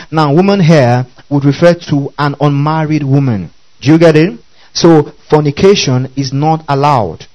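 A man's voice: a little high, darkish tone, poor audio. A man preaching a Bible-teaching sermon, often asking the congregation whether they follow. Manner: keeps checking the audience follows, repeating questions.

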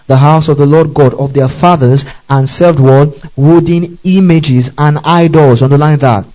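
A man preaching a sermon in a fairly high, mellow voice, checking in with his congregation over and over. He reads scripture slowly and deliberately. The recording is dull and lo-fi. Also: steady tone. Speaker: pastor.

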